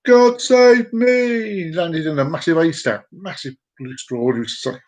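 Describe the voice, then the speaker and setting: A man hosting a comedic live show, telling a long joke in a playful, drawn-out, sing-song way. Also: fairly high pitch. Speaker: show host.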